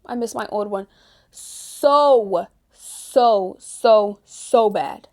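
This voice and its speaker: A woman's voice: medium pitch, very slow, darkish tone. A 16-year-old girl vlogger chatting casually and ranting, with lots of "like". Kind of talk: casual chat.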